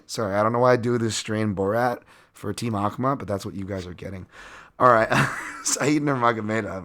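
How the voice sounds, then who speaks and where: Podcast host guy, low voice but bright and punchy, rambles and pokes fun at himself. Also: moderate pace. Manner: rambling, self-mocking, chuckles often. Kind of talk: casual sports-betting breakdown.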